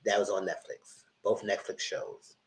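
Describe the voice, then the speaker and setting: A man's voice: on the low side, fairly even intonation, measured pace, rough recording. A man in his thirties hosting a live-stream TV review, chatting casually and greeting his viewers directly. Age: 30s.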